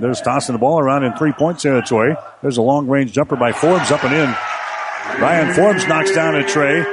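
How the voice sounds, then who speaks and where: A man calling college basketball play-by-play in a rapid running commentary that lifts on big plays. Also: medium pitch, slight background noise. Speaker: play-by-play announcer.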